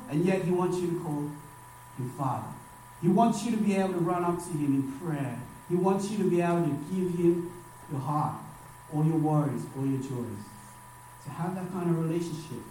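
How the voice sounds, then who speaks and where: High-voiced preacher in an echoey hall. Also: male voice, a little mellow, slight background noise. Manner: emphatic, dropping his voice low at phrase ends. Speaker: youth pastor. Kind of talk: sermon to young people. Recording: far-off mic in a very echoey hall.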